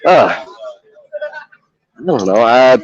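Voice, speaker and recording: A man's voice: mid-range voice, very animated, slow pace. A man chatting casually on a walking livestream at an outdoor festival, laughing often and slipping into mock voices for his stories. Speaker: streamer. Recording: dull lo-fi livestream audio.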